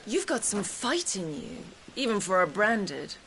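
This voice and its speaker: An actress playing a cruel, scheming woman commander in a video game, speaking slowly in a taunting, teasing way. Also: mid-range voice, big pitch swings, fairly bright tone, a little hiss or hum. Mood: mocking. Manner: slow, taunting, teasing delivery.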